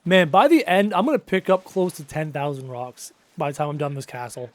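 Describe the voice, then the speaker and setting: On his live gaming stream, a man of about thirty talks fairly quickly in a voice on the high side, with slight background noise. His chat with viewers while playing is casual and upbeat.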